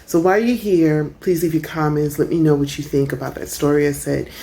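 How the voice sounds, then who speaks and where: Chatty low-voiced woman vlogging from a porch. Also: fairly quick. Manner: chatty, animated, laughs often. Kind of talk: casual storytelling vlog. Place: outdoor porch in the rain.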